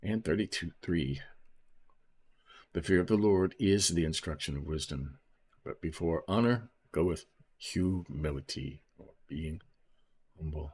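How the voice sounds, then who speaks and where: Husky low-voiced man teaching scripture. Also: measured pace, pauses often, darkish tone. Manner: reads verses then explains them, asking "right?" often. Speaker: Bible teacher. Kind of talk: informal Bible study commentary.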